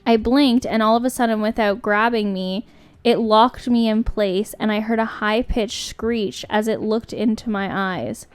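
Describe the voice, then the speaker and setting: A young woman co-hosting a podcast, chatting casually and then reading a story aloud at a steady pace. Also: fairly high pitch, smooth. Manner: chatty, laughs easily, reads with slow steady pacing. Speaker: podcast co-host.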